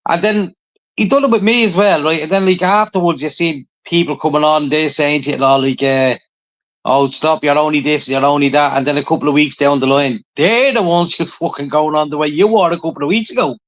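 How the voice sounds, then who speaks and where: A man's voice: fairly high pitch, a little fast, rough recording. A man with an Irish accent co-hosting a podcast, chatting casually and swearing often as he tells stories. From Ireland. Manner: swears often, animated storytelling. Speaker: podcast co-host. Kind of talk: casual chat.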